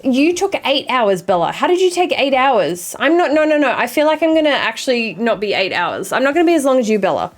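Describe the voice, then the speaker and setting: A young adult woman streamer chatting casually with her viewers, swearing freely and apologizing quickly. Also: sits high, very animated. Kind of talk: casual chat reading viewer messages.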